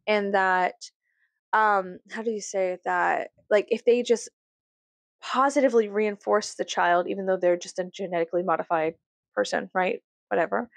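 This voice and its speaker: A woman's voice: fairly even intonation, moderate pace, creaky, no room sound. A woman venting in a casual, profane, rambling rant to her viewers. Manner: profane, rambling, self-mocking; swings between low musing and loud high exclamations. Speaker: vlogger.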